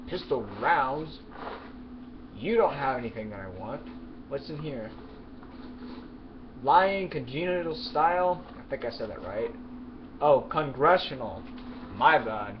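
An excitable male gamer talks over his play, yelling and swearing at characters one moment and muttering to himself the next. His voice sits at an ordinary middle pitch. The home mic sounds muffled and lo-fi, with clear noise underneath. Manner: mumbling asides while looting. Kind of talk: let's play commentary.

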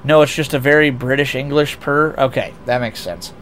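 With slight background noise behind him, a young American man streams a racing game as a VTuber. His mid-range voice is a bit bright and moves at normal speed as he reads chat aloud and rambles casually, restarting often and putting himself down in jest.

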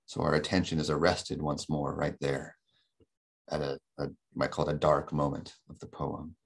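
A man lecturing on poetry in a webinar, speaking carefully, repeating words and slowing right down to read verse aloud. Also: very deep voice, flat delivery, creaky, slightly rough. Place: home or office, on a webinar. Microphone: computer microphone on a video call.

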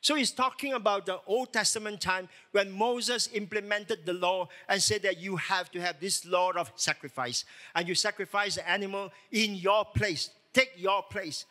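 A male pastor delivers a sermon in a high, bright voice that cuts through clearly. He leans hard on key words and keeps asking his listeners rhetorical questions. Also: fairly even intonation, moderate pace. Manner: emphatic preaching with rhetorical questions. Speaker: lead pastor.

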